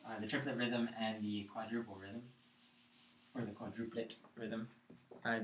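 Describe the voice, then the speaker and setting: A man's voice: on the low side, a bit bright, slight background noise. A man teaching a chant class, explaining patiently and checking in with his students. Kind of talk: live classroom lesson. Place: classroom, live-streamed. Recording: echoey room, mic far off.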